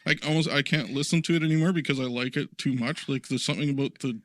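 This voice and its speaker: Male podcast co-host, mid pitch, rambling and self-mocking, dry room. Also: fairly even intonation, fast, dry recording. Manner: rambling, self-deprecating, laughs often. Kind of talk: casual podcast chat. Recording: dry studio sound.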